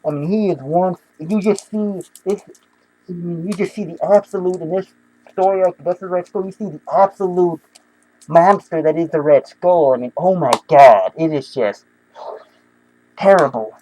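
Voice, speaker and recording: Brief: young male comic fan, high mellow voice, gushing and rambling. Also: normal speed, low-quality recording. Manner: excitable, rambling, many restarts and fillers. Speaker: comic book reviewer. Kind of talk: casual comic book review.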